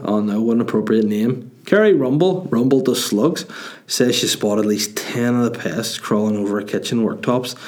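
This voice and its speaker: Northern irish guy hosting a comedy podcast, low-ish voice, crude, meandering, swears a lot. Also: darkish tone. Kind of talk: rambling comic monologue.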